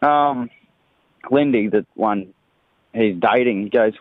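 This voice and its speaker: A man leaving a joke in a laconic, loud voicemail as a caller. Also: lowish voice, slow, long pauses. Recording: tinny phone line.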